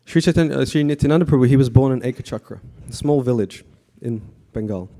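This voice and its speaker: A man giving a conversational devotional class to a temple audience, often asking the audience questions and pausing with fillers. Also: mid-range voice. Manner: frequent fillers and restarts, relaxed.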